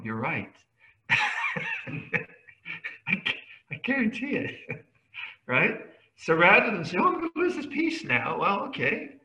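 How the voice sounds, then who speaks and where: A man gives a relaxed Dharma talk with a lively, swooping delivery and a bright edge to his voice. He chuckles often and drops into playful mimicry, and his voice rings a little in an echoey room. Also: medium pitch, far from the mic. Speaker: Buddhist monk teaching a retreat.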